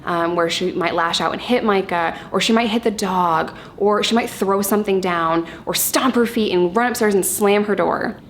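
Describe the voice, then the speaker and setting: A woman in her thirties talking candidly and casually to camera about her parenting, chatty and quick to laugh. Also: mid-range voice, slight background noise. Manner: candid, chatty, laughs easily, occasional swearing. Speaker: parenting vlogger.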